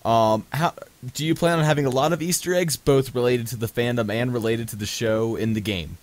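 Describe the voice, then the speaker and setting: A man's voice: medium pitch, brisk. Man co-hosting, asking hesitant questions. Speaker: radio show co-host. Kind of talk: casual radio interview.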